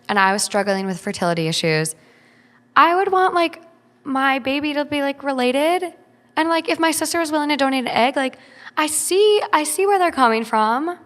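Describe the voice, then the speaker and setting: A woman's voice: sits high, expressive, fairly quick, a bit bright. A woman podcast co-host reading a listener's story aloud, then chatting casually about it with frequent "like". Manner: reads steadily, then chats with frequent "like". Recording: long hall reverb.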